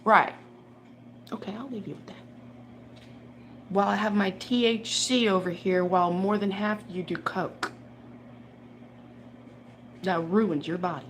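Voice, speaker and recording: A woman's voice: mid-range voice, normal speed, long pauses. A woman reader talking casually in a rambling, profane monologue, laughing often as she rants. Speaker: tarot reader. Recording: background noise.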